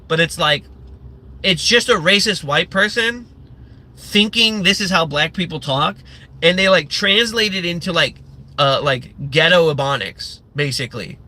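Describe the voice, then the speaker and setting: A man's voice: on the high side, a little slow, bright, forceful tone. A man hosting a livestream, ranting in a sarcastic, profane and rambling way, full of fillers and restarts. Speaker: livestream host.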